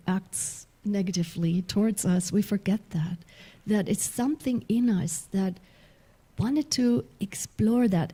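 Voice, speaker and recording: A woman minister preaches in a mellow, relaxed voice at a middle pitch. She tells stories from her own life, laughs often and restarts her sentences. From Germany. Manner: warm, laughing storyteller with many restarts. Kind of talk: sermon with personal story.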